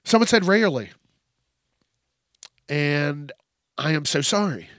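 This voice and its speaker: Profane, slow-talking male podcast host. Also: a little high, lively intonation, fairly bright tone, dry recording, studio quality. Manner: profane, joking, laughs often. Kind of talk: solo podcast monologue.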